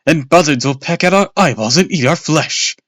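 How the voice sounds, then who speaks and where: A gleeful, ghoulish little brother from a spooky children's storybook, as a man reads him aloud, loud and delighted by gore. He is pitched higher and louder than the narration, with a dry, close sound. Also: animated, normal speed, no room sound. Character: mischievous ghoulish young boy, gleeful.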